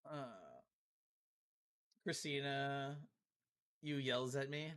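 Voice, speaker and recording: A man's voice: medium pitch, normal speed, a bit bright. A man streaming a game live, chatting casually and laughing as he reads and answers his chat. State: tired arms after a workout.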